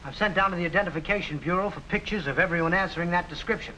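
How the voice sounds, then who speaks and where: An actor playing a grave, formal city official in an early TV crime drama. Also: male voice, sits high, bright, forceful tone, slight background noise, rough recording. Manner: formal, measured. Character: earnest city official, adult man, grave.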